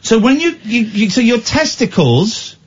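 Radio host guy, high voice bouncing all over, teasing and needling a caller, a bit husky. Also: sing-song, unhurried, dull audio. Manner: mocking, provocative, teasing.

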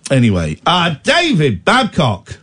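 A man's voice: on the high side, wildly swooping pitch, a little slow, fairly bright tone, breathy edge. A man hosting late-night talk radio, tired with a cold, talking in a playful, mock-indignant way. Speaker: radio host.

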